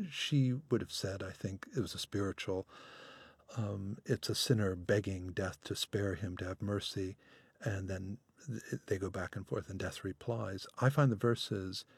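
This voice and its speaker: A man's voice: low voice, normal speed, gravelly, breathy edge, dry recording. A man talking as an interview guest, thoughtful and earnest, with frequent restarts and hesitations. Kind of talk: conversational radio interview.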